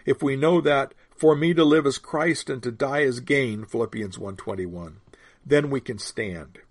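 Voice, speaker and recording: A man preaching a sermon, explaining scripture in a measured teaching manner that slows to stress key phrases. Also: mid-range voice, no echo.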